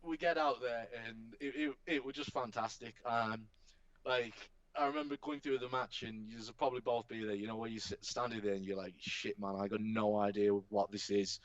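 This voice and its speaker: A man, a professional wrestler chatting as a podcast guest, telling animated stories and swearing casually. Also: medium pitch, a little fast, no echo. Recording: dull, dry podcast recording.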